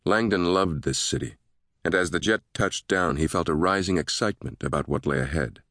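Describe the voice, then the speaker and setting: A man narrating a thriller audiobook in a steady, measured way. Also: deep voice, dry recording, studio quality.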